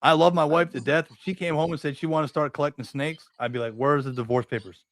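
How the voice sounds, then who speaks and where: A man's voice: on the high side, quick pace, a bit bright, dry recording. A man, co-hosting a casual podcast chat, rambling through stories and swearing constantly. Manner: swears a lot, rambling storytelling. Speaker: podcast co-host.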